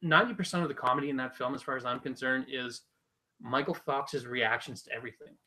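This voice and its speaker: Man, podcast co-host, casual chat, lively storytelling, does voices for quotes. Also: medium pitch, fast, poor audio. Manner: animated storytelling, acts out quotes. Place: small room, live podcast.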